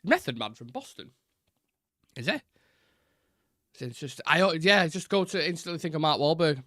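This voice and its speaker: A man's voice: a little high, expressive, moderate pace, pauses often, sharp tone, no echo, studio quality. A young man hosting a live fan football show, chatty and frank with plenty of fillers.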